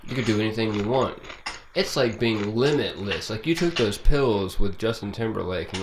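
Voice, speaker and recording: A man's voice: lowish voice, moderate pace. A young man co-hosting a podcast in casual chat, telling stories with swearing and bursts of laughter. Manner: animated, swearing, laughing storyteller. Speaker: podcast co-host. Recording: noisy home recording.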